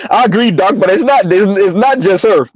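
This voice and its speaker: A man's voice: high voice, very animated, moderate pace, darkish tone, breathy edge, no echo. A man hosting a casual livestream, chatting with viewers, laughing often and stumbling over repeated words. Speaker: livestream host. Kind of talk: casual livestream commentary reading chat. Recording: dull lo-fi dry sound.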